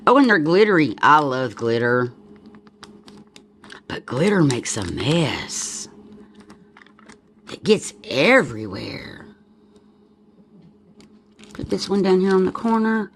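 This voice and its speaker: A woman's voice: sits low, very animated, takes it slowly, long pauses, slight background noise. A woman with a Southern accent chatting casually while making a journal at home, thinking aloud and wandering off into asides. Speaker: crafter demonstrating a journal. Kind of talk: casual crafting chat.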